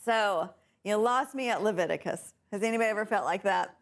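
A woman teaching a bible class, unhurried and often laughing with her students. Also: mid-range voice. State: tickle in throat, coughing.

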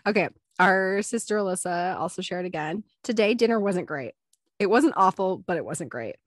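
A woman's voice: on the low side, normal speed, no room sound, clean studio sound. Giggly woman telling stories on a podcast. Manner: giggly, animated storyteller acting out quotes. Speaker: podcast co-host. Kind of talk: casual chat, reading listener stories.

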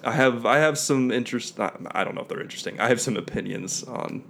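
A man's voice: medium pitch, quick pace, creaky, fairly bright tone, a little hiss or hum. A man co-hosting a casual talk show, easygoing and hedging as he thinks aloud. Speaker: podcast co-host. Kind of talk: casual chat about video games.

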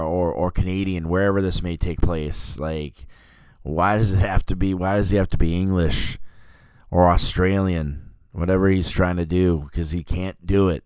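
A man's voice: low-pitched, a little mellow, smooth, dry recording. A man hosting a podcast, chatting casually about a film in a rambling way, full of fillers and self-corrections. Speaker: podcast host reviewing a film. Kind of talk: casual film review chat.

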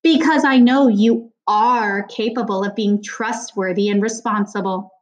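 A woman's voice: medium pitch, fairly even intonation, measured pace, natural voice. A woman reading a worried middle-aged mother's lines in an audiobook, hesitant with forced heartiness.

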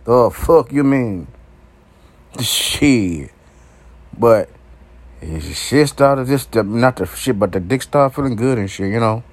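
A man speaking at an ordinary middle pitch in a brash, uncensored vlog monologue. He talks loosely and profanely, with lots of energy, and his delivery is blunt and unfiltered. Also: slow pace, pauses often. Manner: profane, brash and animated, often laughing. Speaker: vlogger.

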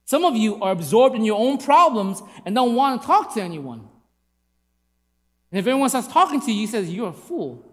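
Preacher giving a sermon, pitch jumping all over, big echoey church room. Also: big pitch swings, moderate pace, fairly bright tone. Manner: emphatic, with rhetorical questions to the congregation. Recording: long hall reverb.

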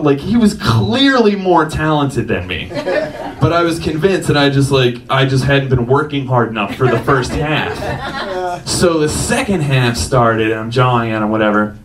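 A man telling a self-mocking personal story on stage, often laughing through his lines. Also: medium pitch. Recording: distant mic with noise.

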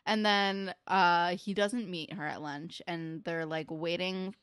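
A woman's voice: fairly low pitch, steady tone, slow pace, a bit bright, clean tone, dry recording. A woman in her twenties co-hosting a podcast, chatting enthusiastically about a TV episode, full of casual fillers and swearing. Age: 20s. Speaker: podcast co-host. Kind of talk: casual recap chat.

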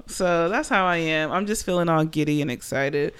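A woman's voice: on the low side, lively intonation, moderate pace, hardly any pauses, fairly bright tone, clean tone. A woman in her late twenties hosting a podcast, rambling casually and animatedly with lots of fillers. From Panama. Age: 20s. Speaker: podcast host.

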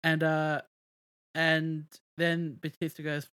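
A man's voice: on the high side, steady tone, moderate pace, fairly bright tone. Rambling man recapping a movie. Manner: rambling, many fillers and restarts. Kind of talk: casual movie review chat.

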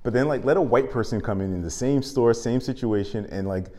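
A man hosting his own show, delivering a comic, impassioned rant full of profanity that swings from loud to muttered. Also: mid-range voice, fairly quick, big-room sound. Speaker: show host. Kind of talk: comedic monologue rant.

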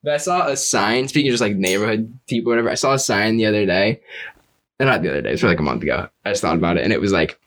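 A man's voice: lowish voice, animated, rapid-fire, a bit bright. Laid-back young man chatting. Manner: laid-back, laughs through his stories. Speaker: podcast co-host. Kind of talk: casual chat.

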